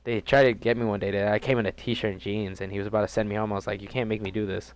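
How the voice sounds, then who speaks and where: A man's voice: fairly low pitch, fairly even intonation, very fast, clean tone. A young man in a casual storytime vlog, rambling and profane, with many fillers and restarts. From DC, Maryland and Virginia area. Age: young adult. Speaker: gaming vlogger.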